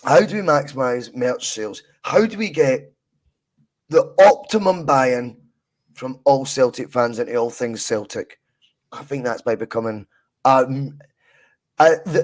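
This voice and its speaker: A Scottish man co-hosting a casual football podcast, laughing often and swearing freely. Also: mid-range voice. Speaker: podcast co-host.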